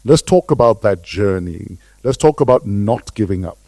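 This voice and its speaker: Host role: South African-born man, lively interviewer, mellow tone, dry studio sound. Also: lowish voice, normal speed, dry recording. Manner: lively, playful introductions. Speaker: podcast host. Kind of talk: upbeat interview hosting.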